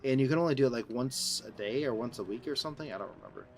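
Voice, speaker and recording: This is a Midwestern American man talking casually on a live gaming stream, wandering from thought to thought and often restarting his sentences. His pitch sits in a middle range for a man. Faint game music plays underneath him. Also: animated, rapid-fire, darkish tone. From Southern Illinois, USA. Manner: rambling, answers chat, restarts sentences often.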